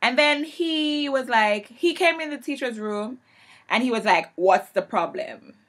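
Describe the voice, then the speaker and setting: A woman who works as an English teacher, telling an emphatic story in a vlog rant, rising loud and high when she gets heated. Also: animated, measured pace.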